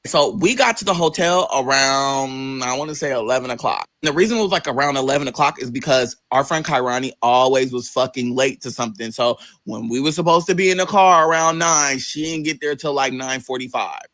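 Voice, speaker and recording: A man telling a personal story in a casual, animated, profane way, jumping into high voices to act out what others said. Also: fairly quick, hardly any pauses, dry recording. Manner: animated, profane, acts out quoted voices with big pitch jumps.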